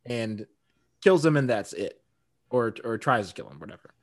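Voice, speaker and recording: A man's voice: mid-range voice, sing-song, moderate pace. A man co-hosting a podcast in a casual chat, talkative and often laughing. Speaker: podcast co-host.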